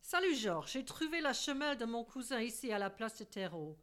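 A woman reading an audiobook, voicing a refined, unflappable middle-aged gentleman who speaks politely and calmly. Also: a little high, quick pace, pitched above the performer's own voice. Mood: composed. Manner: polite, composed and courteous.

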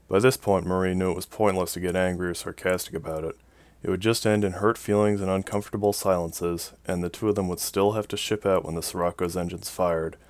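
A man narrating a science fiction story in an even, measured way. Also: sits low, no echo. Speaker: audiobook narrator. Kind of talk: scripted narration.

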